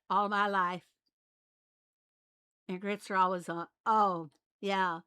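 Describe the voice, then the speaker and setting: Southern lady rambling over her game, slow easy talk, dry close sound, laughs a lot. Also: mid-range voice, fairly even intonation, pushed and bright, clear, resonant tone, no room sound. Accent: light Southern US. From Arkansas, USA. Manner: chatty and rambling, laughs often. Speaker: game channel host. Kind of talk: casual gameplay commentary.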